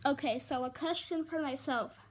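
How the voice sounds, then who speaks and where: A woman's voice: sits high, moderate pace. A woman hosting a playful homemade show, chatting in a scattered, giggly way and calling out to someone off camera. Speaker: show host. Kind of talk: casual, playful chat with stuffed-animal characters.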